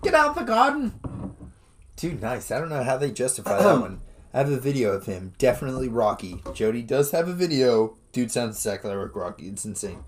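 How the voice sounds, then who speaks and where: A man from Los Angeles co-hosting a podcast, excitable and casual, saying dude a lot. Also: medium pitch, fast, few pauses. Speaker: podcast co-host. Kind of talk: casual chat.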